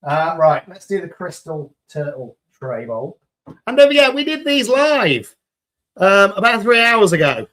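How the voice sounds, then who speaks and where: A man with a British accent chatting enthusiastically on a live stream while demolding resin pieces, a little croaky after hours of talking. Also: high voice, sing-song, measured pace, fairly bright tone. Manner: chatty and enthusiastic, greeting viewers.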